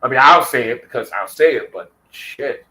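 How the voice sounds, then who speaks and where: A man's voice: medium pitch, expressive, moderate pace, pushed and bright, low-quality recording. A man ranting heatedly in a casual vlog, swearing constantly and repeating himself for emphasis. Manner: heated, profane, repetitive. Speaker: vlogger. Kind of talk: profane rant.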